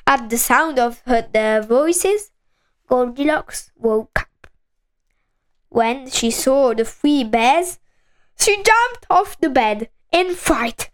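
A woman reading a children's storybook aloud, slowly and with clear enunciation. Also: sits high, lively intonation.

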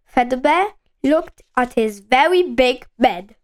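A woman reading a children's storybook aloud, slowly and with clear enunciation. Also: high-pitched, expressive.

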